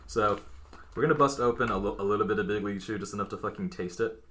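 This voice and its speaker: Man, podcast co-host, very bright tone, low voice, joking and swearing. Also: fast talker, slight background noise. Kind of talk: casual chat.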